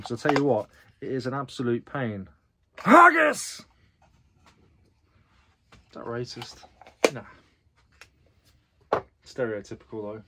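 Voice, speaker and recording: A chatty man talking straight to his viewers in a casual vlog, poking fun at himself as he goes. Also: medium pitch. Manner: chatty, self-deprecating, talks to viewers directly. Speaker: reseller vlogger.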